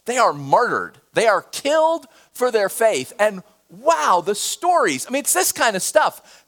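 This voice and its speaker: Animated preacher man with a high, lively voice. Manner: animated preaching, swings between loud bursts and hushed near-whispers. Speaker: pastor. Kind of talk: sermon.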